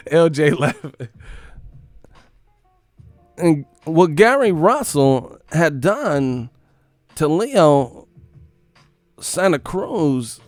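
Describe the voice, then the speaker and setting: A man's voice: fairly high pitch, big pitch swings, takes it slowly, long pauses, dry recording, soft background music. A man hosting a live stream, giving crude, mocking commentary as he reacts to chat and often breaks into laughter.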